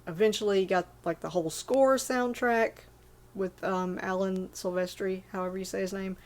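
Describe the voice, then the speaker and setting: A woman's voice: medium pitch, steady tone, moderate pace. A woman in her forties casually rambling about favorite movies, full of fillers and self-corrections. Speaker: movie list vlogger.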